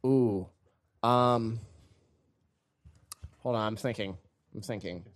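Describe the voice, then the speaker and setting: A man's voice: lowish voice, takes it slowly. A young man chatting on a casual podcast with friends, thoughtful with a dry, wry humor. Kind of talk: casual chat among friends.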